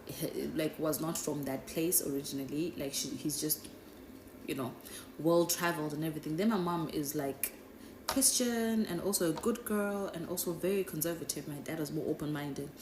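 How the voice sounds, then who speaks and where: A chatty, animated young woman with a low voice gives a meandering, casual storytime at a moderate pace, peppering it with "right?" and "guys." The room is echoey, with a faint hiss beneath her voice.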